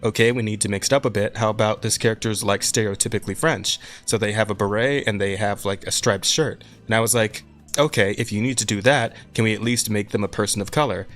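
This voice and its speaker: A man's voice: fairly low pitch, fast, a bit bright. Laughing, profane podcast host man. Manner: laughs a lot, profane, reads listener questions. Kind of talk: casual podcast chat.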